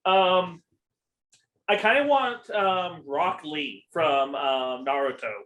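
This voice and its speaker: A man's voice: a little high, slow, a bit bright, poor audio. A young man co-hosting a podcast, rambling in casual chat with lots of ums and swearing. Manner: rambling, profane, with many ums. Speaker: podcast co-host.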